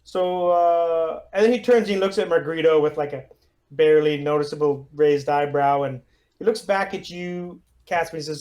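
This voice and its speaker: A man's voice: on the high side, fairly even intonation, moderate pace, a little mellow. A man narrating as game master in a loose, chatty way with many fillers. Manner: loose, lots of fillers and laughs.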